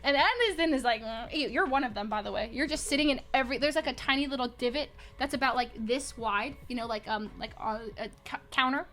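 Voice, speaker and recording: A young woman streamer telling a story in casual chat, animated, laughing often and acting out quotes. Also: sits high, fast, hardly any pauses.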